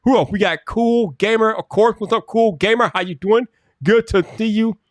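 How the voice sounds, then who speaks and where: A man hosting a casual live stream, greeting viewers one by one by name, laughing often and muttering to himself as he fiddles with his software. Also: sits high, normal speed, dry recording.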